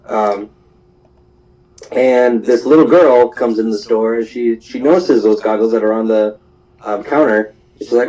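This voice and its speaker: A man's voice: medium pitch, a little slow, mellow, low-quality recording. A young man hosting a show, casually recapping anime episodes in a rambling way full of fillers and small laughs.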